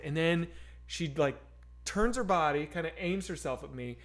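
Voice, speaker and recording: A man co-hosting a streamed chat, telling a story in an excitable way and swearing often. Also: fairly high pitch, normal speed. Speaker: stream co-host.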